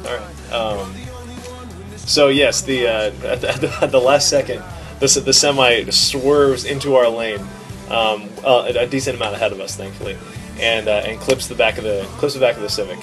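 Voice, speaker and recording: Animated, self-deprecating male podcaster. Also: medium pitch, normal speed, over music. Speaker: podcast co-host. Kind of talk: casual storytelling chat.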